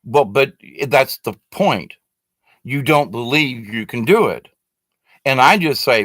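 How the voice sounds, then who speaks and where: This man teaches his live stream viewers in a relaxed, wandering way, talking to the facing webcam with plenty of fillers and false starts. He sounds unhurried and a bit bright, his mid-range voice full of lively intonation and free of echo.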